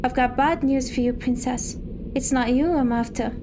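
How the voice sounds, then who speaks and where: A woman reading a game's lines for a cold, threatening female bounty hunter, in a plain, slow reading voice. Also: high-pitched, background noise, natural voice. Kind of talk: game dialogue read aloud. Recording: game music playing behind.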